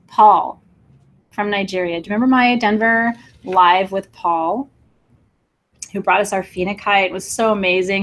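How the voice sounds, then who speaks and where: A woman hosts a live sale stream, gushing over each piece and speaking straight to her viewers. She laughs easily, and her talk runs warm and emotional, with a voice at an ordinary middle pitch. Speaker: livestream crystal seller.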